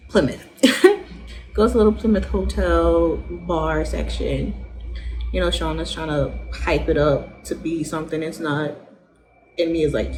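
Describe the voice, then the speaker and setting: A young woman vlogger with a slightly low voice talks through a TV episode like she's gossiping with a friend. She is animated and slangy and breaks into laughs often, and a faint hiss of noise sits under her voice. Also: moderate pace, pauses often, rough recording. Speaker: vlogger reviewing a TV show. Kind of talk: casual episode recap.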